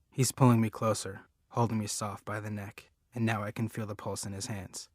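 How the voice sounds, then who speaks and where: A man's voice: lowish voice, little pitch movement, normal speed, hardly any pauses, no room sound, studio quality. A man reading a novel aloud in first person, in an earnest storytelling manner. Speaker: audiobook reader.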